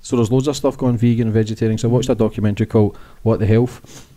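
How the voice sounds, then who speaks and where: A man's voice: lowish voice, steady tone, fast talker, warm tone. A Scottish man hosting a podcast, talking in an earnest, sweary way and saying mate a lot. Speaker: podcast host. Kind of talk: casual podcast chat.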